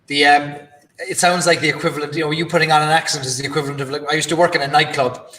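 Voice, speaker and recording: A man hosts a relaxed chat, joking at his own expense. His voice sits a little high and sounds bright, and the room around him echoes. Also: very fast. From Ireland. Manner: joking, self-deprecating. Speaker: host. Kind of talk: casual interview chat.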